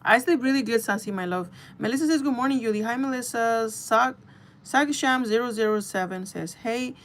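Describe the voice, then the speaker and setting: On a casual livestream, a young woman with a slightly high voice greets her chat and then rambles through a long, animated story full of fillers, speaking briskly.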